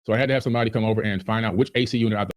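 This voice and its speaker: A man's voice: on the low side, fairly even intonation, racing. A man on a podcast, ranting in a heated, indignant way. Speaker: podcast guest. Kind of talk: agitated podcast rant.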